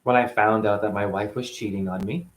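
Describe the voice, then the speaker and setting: A man's voice: lowish voice, fairly even intonation, brisk, echoey room. A man hosting a spiritual talk show, rambling through a monologue full of rhetorical questions and playful asides.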